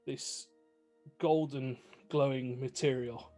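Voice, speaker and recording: A man's voice: medium pitch, steady tone, takes it slowly, darkish tone, soft background music. A man narrating a tabletop game as game master, vivid with many fillers.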